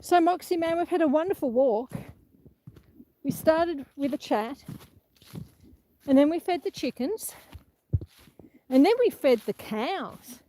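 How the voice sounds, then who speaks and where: Woman, high voice, slightly winded, phone live-stream host, chatty. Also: expressive, a little slow, long pauses, dark tone, slight background noise, rough recording. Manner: chatty, reads out viewer comments. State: a bit out of breath. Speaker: homestead livestream host. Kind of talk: casual live-stream chat. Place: outdoors on a rural property. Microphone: phone held for live stream.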